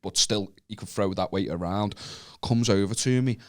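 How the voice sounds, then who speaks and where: A man's voice: on the low side, moderate pace. A man with a Scouse accent, co-hosting a comedy podcast and telling a rambling anecdote full of restarts and swearing. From Merseyside, England. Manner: swears freely, rambling with restarts, laughs often. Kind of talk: casual storytelling chat.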